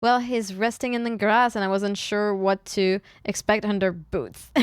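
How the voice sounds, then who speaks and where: Young adult woman, VTuber streamer; unhurried, teasing delivery with stumbles and restarts, dry close sound. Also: mid-range voice, smooth, dry recording. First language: French. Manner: playful teasing, frequent restarts and fillers. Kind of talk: casual livestream chat.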